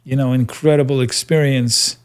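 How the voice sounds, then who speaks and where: A man's voice: mid-range voice, fairly even intonation, normal speed, smooth. A man hosting an interview podcast, asking questions in a conversational way and often putting in short backchannel sounds. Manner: attentive, with frequent short backchannels. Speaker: podcast host.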